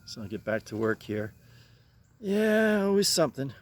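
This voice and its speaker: A man's voice: very animated, normal speed. An older man vlogging while weeding his yard outdoors, rambling and repeating himself, sighing and a bit winded. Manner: coaxing high calls to his pet. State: getting winded. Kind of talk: casual vlog chat.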